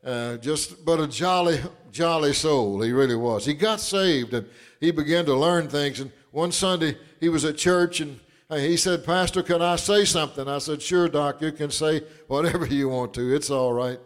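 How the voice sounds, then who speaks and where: A pastor, telling folksy stories with chuckles and building into fervent preaching. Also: male voice, on the high side, moderate pace. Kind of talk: sermon.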